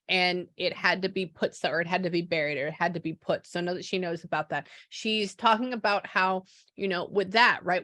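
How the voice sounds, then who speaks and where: A woman psychic medium recounting a reading to a client in lively back-and-forth, acting out the dialogue she quotes. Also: fairly low pitch, no room sound. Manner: animated, acts out quoted dialogue, frequent "I go, she goes". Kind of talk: relaying a spirit reading to a client.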